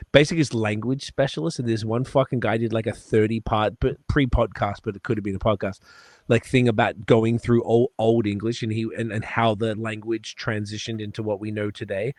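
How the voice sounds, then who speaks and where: Rambling and swearing freely, this podcast co-host keeps things casual, speaking a little fast in a lowish, slightly mellow voice with fairly even intonation. The sound is clean studio audio with no room sound.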